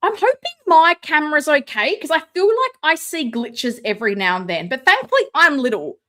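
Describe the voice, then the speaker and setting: A woman hosting a live stream from home, chatting casually, excitable and sarcastic, sometimes shouting. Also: sits high, a little fast. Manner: excitable, sarcastic, loud at times. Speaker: livestream host. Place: home room with ring light. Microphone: no mic close by, computer setup.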